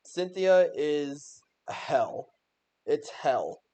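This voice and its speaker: A man's voice: on the high side, expressive, slow pace, dark tone. A young man giving a casual voice-over on his own game run, joking and exasperated at his own plays. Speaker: gaming YouTuber.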